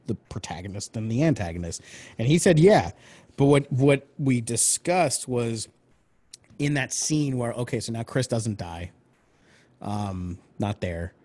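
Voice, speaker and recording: A man talks through script ideas in a loose, rambling way, leaning on fillers. His voice has a breathy, husky edge. He keeps slipping into acting out the characters' lines. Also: mid-range voice, animated, unhurried, a little mellow. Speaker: screenwriter discussing script notes. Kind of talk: casual brainstorming chat.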